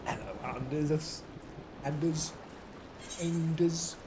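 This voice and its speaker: A man streaming a game and chatting in an animated, self-mocking way. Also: a little high, takes it slowly, noisy background. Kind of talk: casual gameplay commentary. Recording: game music behind the voice.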